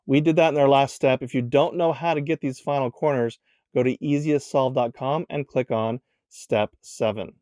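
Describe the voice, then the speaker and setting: A man's voice: mid-range voice, fairly even intonation, moderate pace, a little mellow, no echo, studio quality. A man hosting a step-by-step puzzle tutorial in a casual way, counting the moves aloud as he demonstrates them. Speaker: tutorial host.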